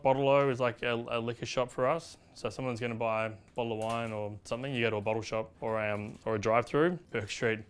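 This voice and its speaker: A man's voice: mid-range voice, fairly bright tone, smooth. An Australian man explaining slang in casual, chatty talk, full of fillers, hopping from one word to the next.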